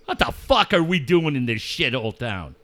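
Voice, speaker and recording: A man's voice: mid-range voice, very animated, normal speed, a bit bright. A man ranting about local sports with constant swearing and mocking put-on voices. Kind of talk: profane sports rant.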